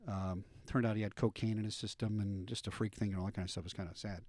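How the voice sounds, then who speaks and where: A middle-aged man hosting a radio talk show, telling police stories with lively animated delivery. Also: lowish voice, quick pace, no echo, studio quality. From United States. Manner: animated storyteller, acts out voices in anecdotes.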